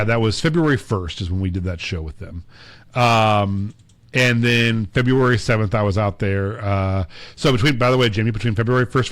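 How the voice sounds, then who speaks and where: A man with a fairly low voice tells a long, meandering story on a podcast, full of fillers and acted-out snippets of dialogue. The sound is dry and close, with no room around it. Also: dry recording. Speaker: podcast co-host. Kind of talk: casual storytelling chat.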